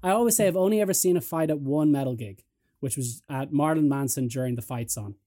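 A man hosting a podcast in casual chat, telling stories in a lively way and mimicking other people's voices. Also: fairly high pitch, quick pace. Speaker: podcast host.

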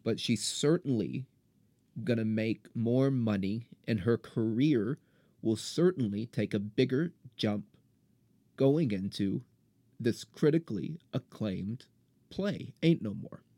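A man's voice: medium pitch, takes it slowly, dark tone, dry recording. A man in his thirties hosting a podcast, delivering an impassioned, indignant solo rant. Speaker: podcast host. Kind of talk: solo ranting monologue.

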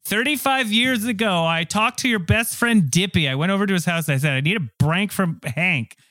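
A man's voice: high-pitched, fairly quick, sharp tone, no room sound. A man improvising a blunt, exasperated woman who faked her own death, over-explaining with impatience in a comedy scene.

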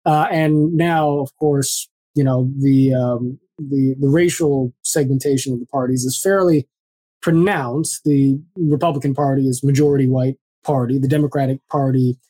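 A man speaking as an interview guest in a reflective, measured way with many fillers. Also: mid-range voice, steady tone, dark tone, dry recording. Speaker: guest, former congressional candidate. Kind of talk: reflective conversational storytelling.

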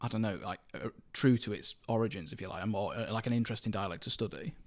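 A man's voice: on the low side, quick pace. A man with a Lincolnshire accent hosting a podcast, asking long questions that circle around as he searches for words. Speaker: podcast host. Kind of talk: casual podcast interview.

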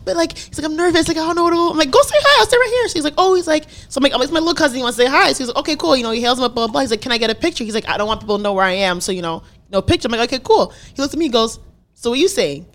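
A woman's voice: high-pitched, racing. A woman co-hosting a podcast, telling a story in casual chat and acting out each quote. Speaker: podcast co-host.

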